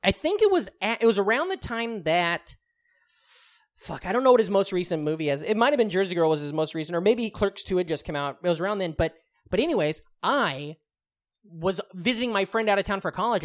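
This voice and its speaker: In a high-pitched, animated voice at a fairly quick pace, a thirty-something podcast co-host chats casually. He rambles, swears freely, fills gaps with fillers, and laughs often.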